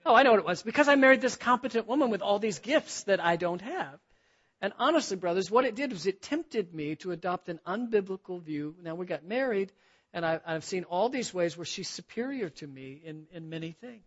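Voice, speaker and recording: Speaking fairly quickly in a high, expressive, fairly bright voice, a middle-aged preacher addresses a men's gathering at church. He laughs often while telling easygoing, self-deprecating stories, and the lo-fi recording sounds dull.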